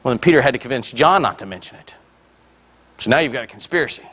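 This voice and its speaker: A male pastor preaching a sermon with energy, swelling loud on key points and dropping in joking asides to the congregation. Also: medium pitch, expressive, fast.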